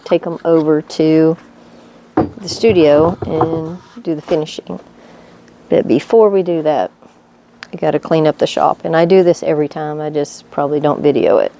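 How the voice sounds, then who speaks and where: A middle-aged woman with a low voice talks through her woodworking project in a relaxed, rambling way. Her tone is warm and mellow, and she often thinks aloud as she goes. She is in her home shop, with faint noise in the background. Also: normal speed. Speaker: woodworking vlogger. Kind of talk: casual how-to chat.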